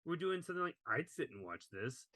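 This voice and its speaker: A man's voice: a little high, sing-song, a little fast, sharp tone, no room sound. A man co-hosting a movie podcast in casual chat, laughing easily as he reads critics' quotes. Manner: laughs while reading quotes. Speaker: podcast co-host.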